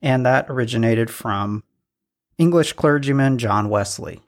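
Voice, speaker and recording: A man's voice: mid-range voice, unhurried. A man co-hosting a podcast in casual chat, reading out trivia with self-deprecating jokes. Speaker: podcast co-host.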